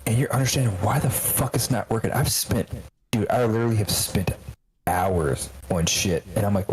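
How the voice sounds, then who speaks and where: A man's voice: on the low side, fast talker, a little mellow, rough recording. Profane rambling man telling stories. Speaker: podcast co-host. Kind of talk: casual chat.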